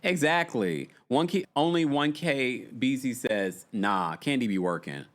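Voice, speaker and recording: A man hosting a live recap stream, chatting casually and reading viewer comments in a gossipy, animated way. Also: a little slow. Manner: animated, gossipy, yawning and laughing, swings between high exclamations and low asides.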